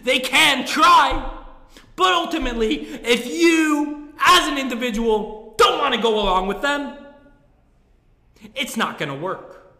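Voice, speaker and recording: A man yelling a profane, self-mocking comedic rant, swearing often, recorded in a room in the middle of his building rather than a studio. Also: extremely high pitch, lively intonation, measured pace. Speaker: comedian ranting to camera. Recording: echoey room with long reverb.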